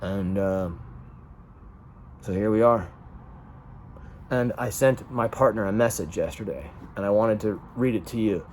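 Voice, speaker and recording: A man's voice: fairly low pitch, unhurried, long pauses, a little mellow, a little hiss or hum. A man venting raw emotion in a rambling personal vlog monologue. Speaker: vlogger.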